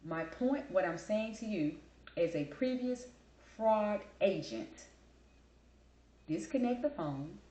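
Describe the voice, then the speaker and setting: A woman's voice: mid-range voice, expressive, slow pace, pauses often, warm tone, reverberant, rough recording. Blunt, talkative woman host. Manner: blunt, emphatic, talkative storyteller. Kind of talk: casual chat.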